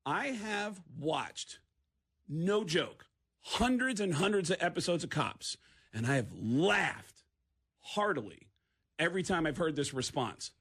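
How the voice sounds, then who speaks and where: A man, a stand-up comedian, telling an animated story as a radio guest and acting out the people in it. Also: a little high, measured pace, slightly rough. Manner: lively, acts out voices in his anecdotes.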